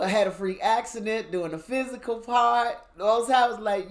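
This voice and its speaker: A woman sharing a candid spiritual reflection, telling her story emphatically with sudden bursts of loudness. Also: a little high, moderate pace, few pauses. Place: outdoors.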